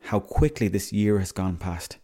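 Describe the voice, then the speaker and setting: A man's voice: sits low, lively intonation, unhurried, warm tone. A young Irish man hosting a podcast, rambling in a chatty, casual monologue and swearing freely. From Ireland. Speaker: podcast host.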